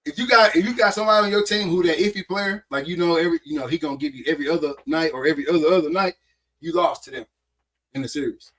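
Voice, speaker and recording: A man co-hosting a casual sports podcast, his voice sitting a bit higher than most men's. He talks bluntly in loose slang and often mocks what he is talking about. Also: rapid-fire, a bit bright, low-quality recording. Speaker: podcast co-host.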